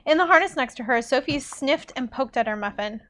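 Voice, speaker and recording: A woman's voice: high voice, lively intonation, fairly quick, a bit bright. A young woman, a teacher, chatting casually with laughs and fillers, then reading a book aloud.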